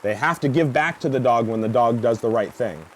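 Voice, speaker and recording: A man teaching a dog training seminar, lecturing in an animated way and acting out reactions. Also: medium pitch, a little fast, a little hiss or hum. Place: seminar venue.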